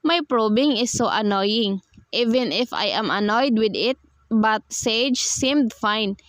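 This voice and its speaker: A woman reading a first-person romance novel aloud in a steady, even delivery. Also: fairly high pitch, takes it slowly, dry recording. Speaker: audiobook reader.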